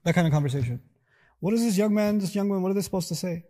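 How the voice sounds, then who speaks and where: A man giving a lecture, animated and acting out little dialogues in quoted voices. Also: high-pitched, rapid-fire. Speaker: speaker giving a talk. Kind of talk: lecture on scripture.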